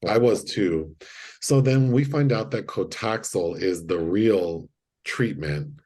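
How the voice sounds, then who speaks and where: Husky-voiced man retelling a film. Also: on the low side, slow pace. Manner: animated storyteller, acts out quotes. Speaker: podcast co-host. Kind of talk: casual chat, retelling a film.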